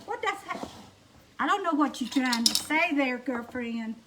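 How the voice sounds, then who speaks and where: High-voiced Southern woman in her kitchen. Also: lively intonation, a little slow. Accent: Southern US, Alabama. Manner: folksy, chatty, greets viewers by name. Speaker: home cooking livestream host. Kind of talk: casual cooking livestream chat. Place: home kitchen. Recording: noisy kitchen with clattering dishes.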